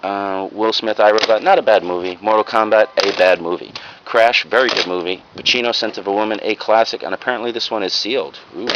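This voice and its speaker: A man's voice: fairly low pitch, fairly even intonation, fairly quick. A man casually showing off his secondhand finds in a video, rambling and frank, with plenty of ums and uhs. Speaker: reseller vlogger. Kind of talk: casual show-and-tell haul video. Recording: lo-fi home video with clear background noise.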